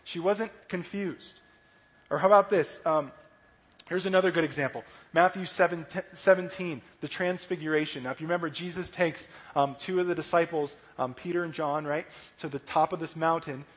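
A man teaching kids at church in a lively, animated sermon that keeps checking in with "right?" and acts out little voices. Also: fairly high pitch, moderate pace. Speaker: children's church pastor. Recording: long hall reverb.

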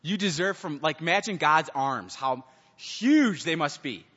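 A pastor preaches an animated sermon, slipping into the voices of the people in his stories. His voice sits a little high for a man. The sound is dull and lo-fi, with a long reverb trailing off the walls of a large hall. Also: measured pace, breathy edge.

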